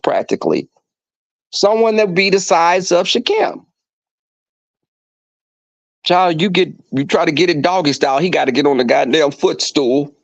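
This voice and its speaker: This livestream host has a gravelly voice on the high side, with no echo. Chatting casually from home, he tells viewers animated, campy, profane stories. Sound quality is dull, dry and lo-fi.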